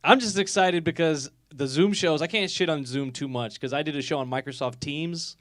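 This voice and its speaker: A man in his late twenties performs a live stand-up set, mocking himself in quick observational bits. His voice sits a little high and sounds close and dry. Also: no echo. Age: 20s. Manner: self-deprecating, energetic observational jokes. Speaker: stand-up comic. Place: live comedy telethon venue.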